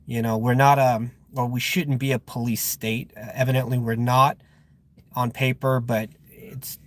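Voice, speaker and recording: A man's voice: medium pitch, flat delivery, unhurried. A man working as a security guard, chatting casually on a live stream, rambling with fillers and sounding irritated. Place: outdoors at a guarded facility.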